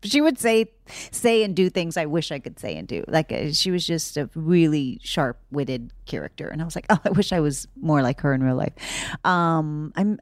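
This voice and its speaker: A woman's voice: low-pitched, no echo, studio quality. A woman, an actress and director, chatting animatedly in an interview and laughing often. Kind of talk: casual interview chat.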